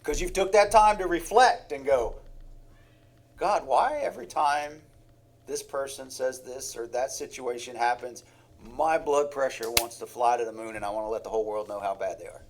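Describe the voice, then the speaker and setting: A man's voice: medium pitch, moderate pace. A man preaching a sermon in a heartfelt way, with sighs and acted-out examples.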